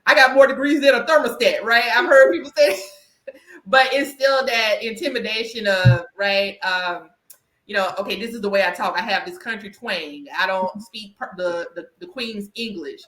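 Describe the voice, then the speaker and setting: A woman with a Southern US country twang, hosting a podcast conversation in an animated, emphatic way that often checks in with "right?". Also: medium pitch, normal speed, roomy sound. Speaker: podcast host and career coach.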